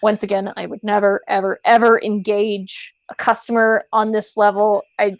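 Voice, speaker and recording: A woman's voice: medium pitch, flat delivery, moderate pace, dry recording. Rambling woman on a dull lo-fi mic. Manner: rambling, many fillers and restarts. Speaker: podcast co-host. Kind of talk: casual chat. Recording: dull lo-fi sound.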